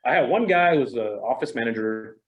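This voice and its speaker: A man's voice: mid-range voice, brisk, lo-fi sound. Conversational man giving a casual training talk. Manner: conversational, animated, self-deprecating. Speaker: real estate trainer.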